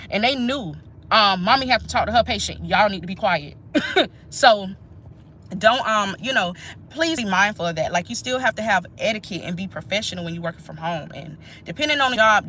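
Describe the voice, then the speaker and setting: A woman's voice: medium pitch, pushed and bright, a little hiss or hum. A woman, chatting casually and emphatically to her viewers during a live stream. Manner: chatty, emphatic, talks straight to viewers as "y'all". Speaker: nurse and channel host.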